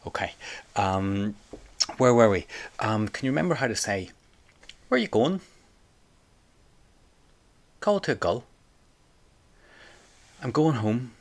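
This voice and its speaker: A man leads a spoken lesson, his voice sitting fairly low. He takes it very slowly, patiently drilling each phrase and leaving gaps for the listener to repeat. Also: animated. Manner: patient, slow drilling with pauses for repetition. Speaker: Irish language teacher. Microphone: close mic, home recording.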